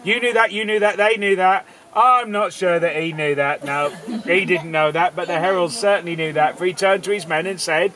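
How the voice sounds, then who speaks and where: A man's voice: high voice, fairly even intonation, moderate pace, few pauses, pushed and bright, low-quality recording. A man telling a folk tale live to an audience, playful, theatrical and full of asides. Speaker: storyteller. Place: outdoor festival audience.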